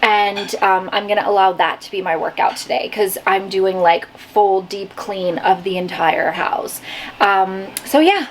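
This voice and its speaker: A woman vlogs her day at home, moving between kitchen and bedroom, chatting casually to camera and telling stories full of fillers. She's out of breath, speaking a little slowly in a mid-range voice, with slight hiss or hum on the recording.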